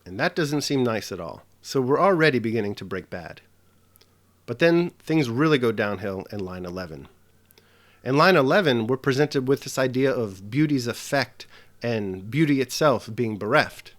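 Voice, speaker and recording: A man's voice: mid-range voice, lively intonation, moderate pace. A man narrating a scripted literature lesson, explaining poetry with emphatic stresses. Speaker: literature teacher.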